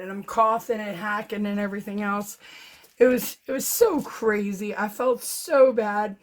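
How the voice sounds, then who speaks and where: A woman's voice: medium pitch, steady tone, moderate pace. A middle-aged woman telling a personal story to her viewers in a casual, chatty way, laughing often as she talks. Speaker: vlogger, fluid art painter.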